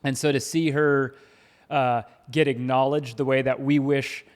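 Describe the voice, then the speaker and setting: A middle-aged man co-hosting a podcast in casual chat, animated, laughing often and stumbling over his first words. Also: medium pitch, unhurried, smooth. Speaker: podcast co-host. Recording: long hall reverb.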